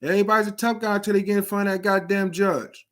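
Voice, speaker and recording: A man's voice: high-pitched, steady tone, quick pace, a bit bright. A middle-aged man giving blunt, profane advice to young people in the streets, speaking emphatically in a preachy street manner. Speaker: vlogger giving advice to at-risk youth. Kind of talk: blunt motivational talk to camera.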